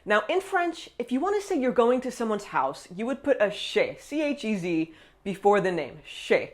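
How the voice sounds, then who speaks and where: A woman's voice: on the high side, big pitch swings, normal speed. A woman giving a casual, upbeat video lesson as a French teacher, counting down tips with frequent "all right".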